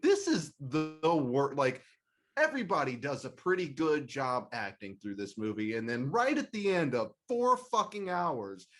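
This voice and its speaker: A man's voice: mid-range voice, big pitch swings, moderate pace. A man on a film podcast panel, bluntly and scathingly criticizing in casual chat.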